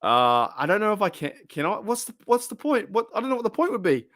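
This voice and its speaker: A man's voice: high-pitched, sing-song, fast, a bit bright, dry recording, clean studio sound. A man hosts a casual livestream, rambling and swearing as he answers chat, his voice wearing thin. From Australia. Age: 30s. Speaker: livestream host.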